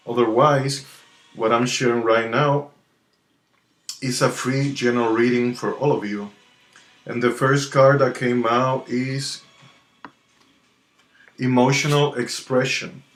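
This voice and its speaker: A man hosting a live tarot card reading, chatting casually and greeting his viewers one by one. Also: medium pitch. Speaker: tarot reader hosting a livestream. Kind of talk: casual livestream chat. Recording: roomy sound with soft music behind. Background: soft relaxing music.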